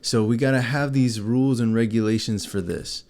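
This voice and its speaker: A middle-aged man co-hosting a faith-based conversation, explaining scripture in a relaxed, chatty way and laughing often. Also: medium pitch, fairly quick. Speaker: co-host. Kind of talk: faith-based casual chat.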